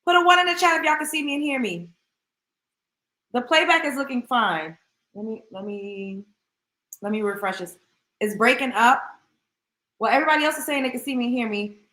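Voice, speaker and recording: Woman, livestream host, chatty, bright forceful voice, echoey room. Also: fairly high pitch, brisk, long pauses. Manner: chatty, greets viewers by name. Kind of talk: casual livestream chat.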